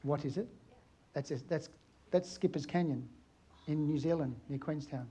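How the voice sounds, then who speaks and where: A middle-aged man from Australia speaks at a photography conference, an aerial photographer telling stories. His voice sits a little high, and his manner is chatty and anecdotal, turning to the audience with questions. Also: moderate pace, mellow, slightly rough. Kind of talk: conference talk to a live audience.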